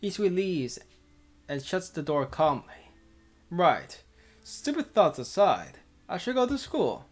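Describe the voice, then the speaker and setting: Very animated yet taking it slowly, a medium-pitched streamer reads a visual novel with faint music in the background. Giggling casually, they trip over words and restart, chatting in between.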